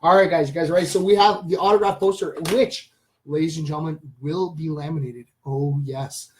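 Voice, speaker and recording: A man hosting a casual live stream, rambling enthusiastically to his viewers and addressing them as ladies and gentlemen. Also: fairly high pitch, fairly even intonation, fairly quick, slight background noise, poor audio. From Canada. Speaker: channel host.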